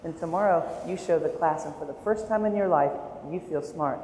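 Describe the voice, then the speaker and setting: Speaking a little fast in a higher-pitched voice, this American man in his 40s, an art educator, gives a keynote talk to teachers. His storytelling is animated and self-mocking, recorded in an echoey hall with faint room noise.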